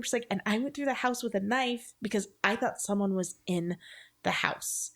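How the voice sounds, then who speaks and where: A woman in her thirties, a podcast co-host, telling a personal ghost story in casual chat, animated and full of filler words. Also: medium pitch, fairly quick.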